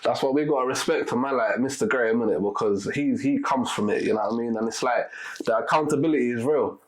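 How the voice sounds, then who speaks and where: A man's voice: mid-range voice, fast talker, rough recording. A man hosting a casual podcast interview, who often affirms the guest and draws out the story. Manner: affirming, frequent backchannels. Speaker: podcast host.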